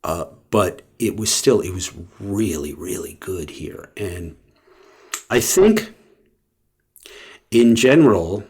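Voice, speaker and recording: A man with a deep, somewhat husky voice talks casually to the camera. He rambles along, stopping often for ums and uhs and starting his sentences over. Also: expressive, slow pace, pauses often, darkish tone. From West Coast of the US. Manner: rambling, with many fillers and restarts. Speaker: vlogger.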